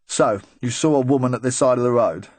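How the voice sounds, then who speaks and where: Man playing a brisk, pressing police questioner. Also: mid-range voice, darkish tone, husky, dry recording, pitched above the performer's own voice, lightly acted. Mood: probing. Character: brisk, probing male police interrogator.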